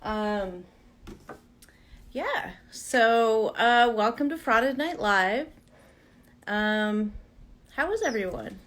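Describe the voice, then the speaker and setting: A woman's voice: on the high side, lively intonation, drawn-out words, long pauses, a bit bright. A woman hosting a casual live Q and A from her vanity at home, chatting and laughing with viewers. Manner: chatty, laughs often, coos at her pet. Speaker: livestream host.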